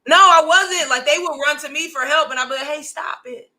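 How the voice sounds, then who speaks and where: High, bright-voiced brash woman storyteller. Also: fast talker. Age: 30s. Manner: brash, profane, animated. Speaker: comedian guest. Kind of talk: casual storytelling.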